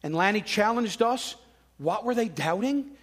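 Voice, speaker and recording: Male preacher, high-pitched, chatty sermon delivery with acted-out quotes. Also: expressive, a little slow. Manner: conversational preaching with dramatic quoted voices. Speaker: pastor.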